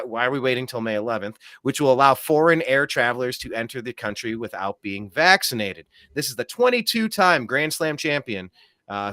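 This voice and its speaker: A man hosting a political talk show, talking in an animated, sarcastic, rambling way with many restarts. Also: medium pitch, dry recording, clean studio sound. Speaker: show host.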